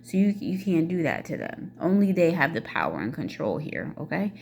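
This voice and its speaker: Blunt cussing lady ranting to the camera, low voice, lots of um and like. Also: big pitch swings, moderate pace, gravelly, darkish tone. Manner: blunt, swears freely, many fillers. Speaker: vlogger. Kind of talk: casual ranting monologue.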